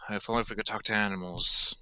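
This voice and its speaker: A man playing a tabletop game, with a slightly low, very bright and crisp voice in a dry, close sound. He talks hesitantly, often restarting his sentences. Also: steady tone, fast talker, no room sound. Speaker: player. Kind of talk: casual tabletop play.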